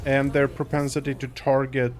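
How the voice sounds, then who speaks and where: A man in a casual gaming session, mid-pitched and easygoing. He laughs a lot and calls out what happens on screen with quick exclamations, keeping the chat light and playful. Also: level tone, slight background noise. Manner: giggly, laughs often, reacts loudly to the action.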